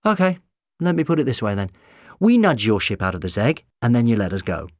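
A man's voice: mid-range voice, big pitch swings, brisk, no room sound, studio quality. A man voicing a sly, bargaining male ship's doctor in a storybook reading, wheedling and pleading.

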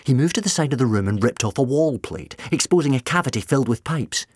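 A man narrating an audiobook in an expressive storytelling manner. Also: medium pitch, quick pace, husky, dry recording, studio quality.

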